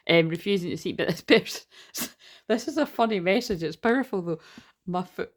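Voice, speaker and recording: A woman's voice: mid-range voice, animated, moderate pace. A woman doing a rambling, casual tarot reading as an energy healer, swearing now and then.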